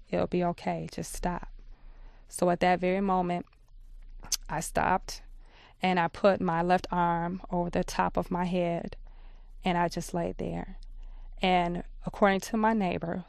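A woman telling her own story as a guest in a radio interview, in a measured, steady way. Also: lowish voice, creaky, smooth, no echo. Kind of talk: personal testimony in a radio interview.

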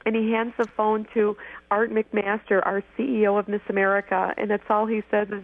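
A woman's voice: mid-range voice, steady tone, fairly quick, gravelly. Woman in her forties on a tinny phone line. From Michigan. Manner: eager, tumbling phrases with frequent restarts. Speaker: guest, former pageant winner. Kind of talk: animated storytelling interview.

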